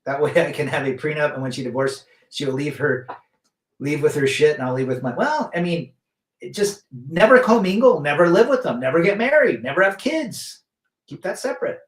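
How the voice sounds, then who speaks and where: A man's voice: a little high, animated, moderate pace, roomy sound. A man hosting a casual live stream, chatting loosely and reading viewer comments aloud, with frequent restarts. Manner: rambling, many restarts, reads chat aloud.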